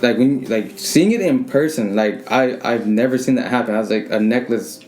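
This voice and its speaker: A man tells a personal ghost story in casual podcast chat, animated and full of fillers as he acts out quoted lines. His voice is medium-pitched at a normal speed.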